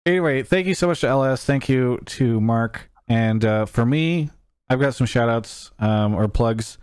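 A man's voice: mid-range voice, measured pace, a little mellow, clear, resonant tone, no room sound. Male podcast host, wry and teasing, dry close-mic sound, casual wrap-up chatter. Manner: wry, teasing, mock-exasperated. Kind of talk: casual show wrap-up chat.

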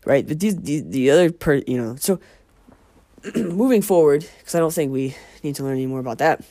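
A man's voice: mid-range voice, animated, fast talker, mellow, dry recording. A man hosting a casual monologue, rambling and profane, often interrupting himself. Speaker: podcast host.

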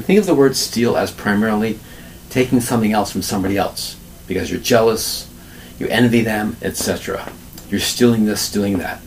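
A man giving a vocabulary lesson, explaining a word slowly, spelling it out and asking rhetorical questions. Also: fairly low pitch, slight background noise, rough recording. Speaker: English teacher.

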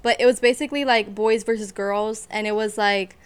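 A young woman chatting casually on a podcast, animated, swearing freely and laughing often. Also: mid-range voice, fairly quick, smooth. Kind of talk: casual chat.

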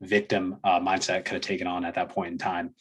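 A young man telling a casual story as a podcast guest, relaxed and full of fillers. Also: deep voice, brisk, husky. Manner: relaxed, many fillers, laughs between phrases. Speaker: podcast guest, fitness coaching business owner.

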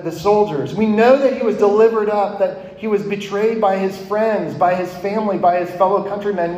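Brief: thirties male preacher, slightly high voice, earnest sermon delivery, long hall reverb. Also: darkish tone. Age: 30s. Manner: earnest, rising and falling, asks questions of listeners. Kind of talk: sermon to college students.

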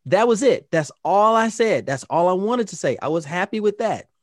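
A man co-hosting a casual podcast, recounting his encounters with a storyteller's energy. His voice sits a little high and sounds dry and close to the mic, and he throws himself into each quoted exchange. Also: moderate pace, no echo. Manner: animated, acts out quoted exchanges. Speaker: podcast co-host.

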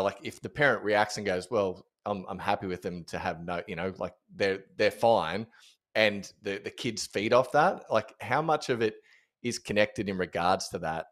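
A man with a slightly low voice co-hosts a casual podcast. He asks questions in a halting, roundabout way. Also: a bit bright. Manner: rambling, halting question with many restarts. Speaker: podcast co-host. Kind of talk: casual interview chat.

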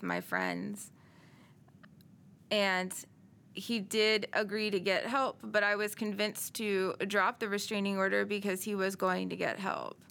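Bright, gravelly-voiced woman recounting her story. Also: mid-range voice. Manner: earnest, measured, with frequent pauses. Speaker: interview guest, survivor of domestic abuse. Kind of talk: personal testimony in interview.

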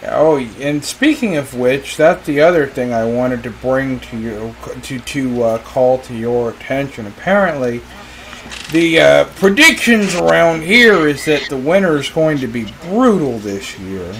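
A man's voice: mid-range voice, animated, a little slow. A man in a casual voice chat who talks hesitantly, restarting and repeating his words. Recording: loud background noise.

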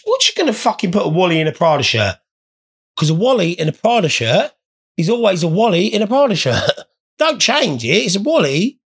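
A man's voice: fairly high pitch, slightly rough. A man telling rambling, sweary comic anecdotes in a blokey way. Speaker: storyteller. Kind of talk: comic storytelling.

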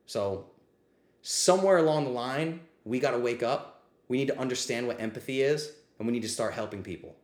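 A man hosts a livestreamed ask-me-anything from an echoey room, his mid-range voice expressive and fairly quick. Answering live questions, he delivers a passionate, blunt, profane rant and, clearly riled, remarks that he's getting heated.

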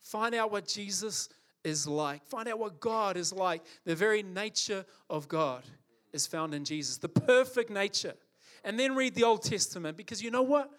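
A man's voice: sits high, moderate pace, fairly bright tone. A man preaching a sermon, impassioned and emphatic, building his points through repetition.

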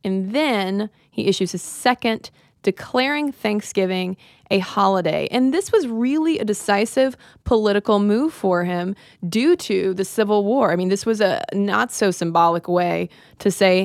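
A woman co-hosting a podcast, telling history in a relaxed, conversational way with the odd "um" and "uh". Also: mid-range voice, measured pace, vocal fry, no echo, studio quality. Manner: conversational, explains with fillers. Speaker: podcast co-host. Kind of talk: casual history chat.

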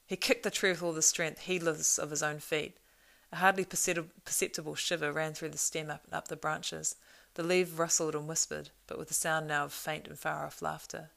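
A woman narrating a storybook in a measured, expressive reading. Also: deep voice, gravelly. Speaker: audiobook narrator.

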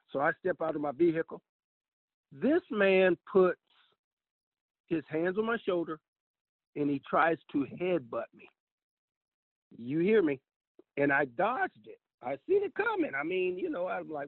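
A man's voice: sits high, moderate pace, dry recording. A man casually telling a personal story as a caller, acting out the dialogue and calling the listener "brother". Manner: animated, addresses the listener as "brother", acts out dialogue. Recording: tinny, dry phone line.

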